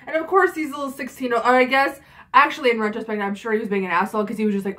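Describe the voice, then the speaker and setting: A woman's voice: a little high, quick pace, bright, forceful tone. A young woman in her twenties telling a story in a casual vlog, chatty and frank, with lots of fillers and swearing. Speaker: vlogger.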